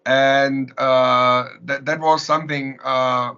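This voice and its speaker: A man with a German accent telling animated stories in an interview, often laughing and restarting his sentences. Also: medium pitch, takes it slowly, vocal fry, clear, resonant tone. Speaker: interviewed musician. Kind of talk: storytelling in an interview. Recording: lo-fi recording.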